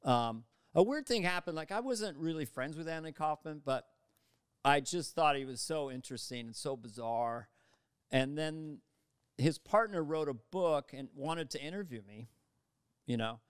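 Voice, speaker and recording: A man telling stories as a guest comedian in casual conversation, animated and slipping into voices, on a studio mic. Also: on the high side, normal speed, smooth, dry recording. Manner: animated, slips into voices and quotes mid-story. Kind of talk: casual interview storytelling. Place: podcast studio.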